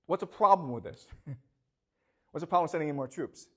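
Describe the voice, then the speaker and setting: Lively man lecturing a class. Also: a little high, brisk. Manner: repeats questions to students, checks understanding often.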